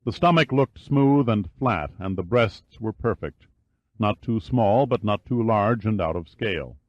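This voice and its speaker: A low-pitched man reads an audiobook in a measured, steady way. The recording is dry and close, with a slightly dull, muffled top end. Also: no echo. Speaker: audiobook narrator. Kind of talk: scripted narration.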